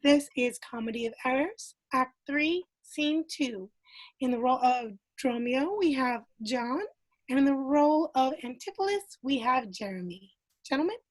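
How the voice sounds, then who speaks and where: High-voiced woman hosting a live stream. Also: animated, moderate pace, dry recording, rough recording. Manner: apologetic, upbeat. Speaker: host. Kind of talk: casual introduction to a live stream. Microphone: video call.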